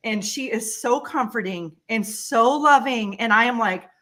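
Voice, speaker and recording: Bright-voiced woman telling an emotional story. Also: on the high side, unhurried. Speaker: guest. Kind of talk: storytelling in a casual interview.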